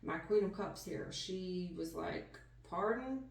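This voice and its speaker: A tarot reader with a lowish, creaky, darkish voice speaks slowly and steadily as she gives a casual reading. Her manner is emphatic and folksy, and she calls the listener "hon" and "baby"; the recording sounds roomy, with the mic at a distance.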